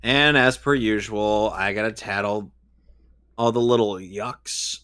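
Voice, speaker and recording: A man's voice: fairly low pitch, fairly even intonation, takes it slowly, pushed and bright, smooth. A man playing a game on a livestream, teasing his friends wryly. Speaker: gamer, co-host. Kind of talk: casual gaming chat.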